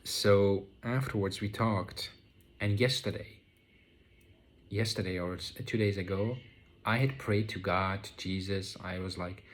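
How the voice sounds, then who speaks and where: A man with a low voice gives a casual spoken reflection on his own experiences. He talks in a slow, searching way, with many fillers and restarts. His tone stays calm and unhurried. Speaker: vlogger sharing spiritual experiences.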